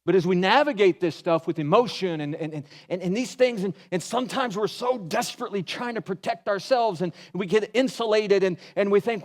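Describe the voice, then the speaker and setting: A pastor giving a sermon in an animated, folksy way, mixing humor into his storytelling. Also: high-pitched, fairly quick, few pauses. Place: church.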